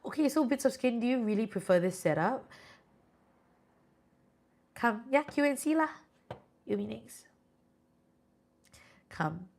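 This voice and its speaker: A woman's voice: a little high, lively intonation, a little slow, long pauses, a little mellow. A Singaporean woman doing tarot readings on a live stream, chatty and reassuring with viewers. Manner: chatty, reassuring, sprinkles "lah". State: sleepy, yawning.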